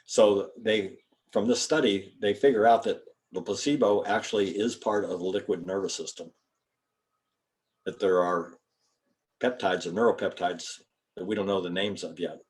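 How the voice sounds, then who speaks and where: A man's voice: low voice, steady tone, normal speed, darkish tone. An older man, a chiropractor, giving an informal lecture to students in a folksy, rambling way and spelling out terms. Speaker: guest speaker, chiropractor.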